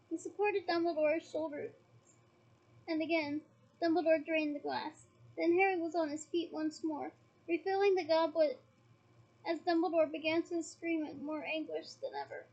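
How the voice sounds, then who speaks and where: Woman reading a novel aloud, very high voice, dramatic, muffled lo-fi sound. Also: fairly even intonation, normal speed, darkish tone. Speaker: audiobook reader.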